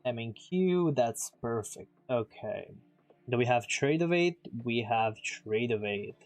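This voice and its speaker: Chatty guy on a live trading stream, medium voice, a little music low in the background. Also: expressive. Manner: chatty, talks to viewers directly, quick asides. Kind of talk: casual live-stream commentary.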